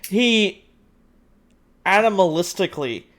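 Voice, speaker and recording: A man playing a tabletop role-playing game, excitedly describing what happens with lots of fillers. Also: sits high, takes it slowly. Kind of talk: narrating tabletop role-play.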